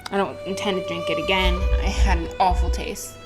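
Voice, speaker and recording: A woman's voice: lowish voice, flat delivery, fairly quick, rough recording. A woman hosting a let's play, reading game text aloud and commenting in a casual, wry, self-deprecating way. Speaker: gaming channel host. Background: game music.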